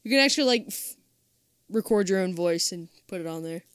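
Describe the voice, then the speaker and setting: A woman's voice: lowish voice, expressive, fairly quick, smooth, no echo, clean studio sound. A woman co-hosting a podcast, telling stories casually with playful swearing and laughter. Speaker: podcast co-host. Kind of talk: casual chat.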